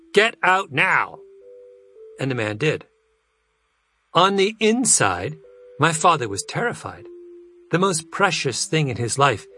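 A man reading a nonfiction audiobook in a measured way, letting his pitch fall low at the end of phrases. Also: pushed and bright, slight background noise. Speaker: narrator. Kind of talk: scripted nonfiction audiobook narration.

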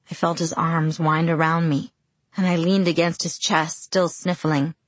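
A woman narrating a first-person audiobook in a steady, reflective way. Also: deep voice, unhurried, dry recording.

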